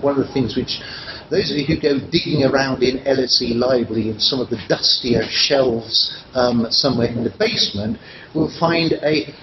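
An older man giving an academic lecture, pausing often with ums and restarting his phrases. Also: medium pitch. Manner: halting, many ums and restarts. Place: lecture room. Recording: dull, noisy lecture recording.

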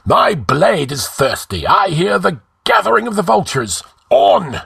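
A man voicing a fanatical young male rebel noble who shouts wild battle cries. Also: sits high, very animated, measured pace, gravelly, slightly rough, no echo, clean studio sound, pitched above the performer's own voice, heavily acted. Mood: fierce shouting.

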